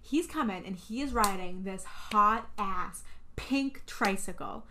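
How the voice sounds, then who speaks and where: A woman's voice: medium pitch, takes it slowly, pushed and bright, slight background noise. A young woman co-hosting a podcast, chatting casually and animatedly, swearing and acting out scenes in voices. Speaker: podcast co-host. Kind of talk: casual chat recapping a film.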